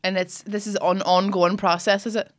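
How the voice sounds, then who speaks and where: A woman's voice: medium pitch, little pitch movement, normal speed. A young woman with a Northern Irish accent hosting a podcast in casual chat, teasing, sweary and often laughing. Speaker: podcast host.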